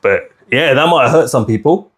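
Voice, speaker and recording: Husky man ranting on a podcast. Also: medium pitch, lively intonation, moderate pace. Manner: heated, preachy, repetitive. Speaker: podcast host. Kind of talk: casual opinionated podcast chat.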